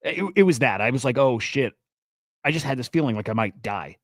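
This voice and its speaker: A man hosting a livestream tells a long story in a loose, rambling way, swearing freely and getting animated. His voice sits at an ordinary middle pitch. The sound is dry and close, with no room around it. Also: a little fast, dry recording. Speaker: host.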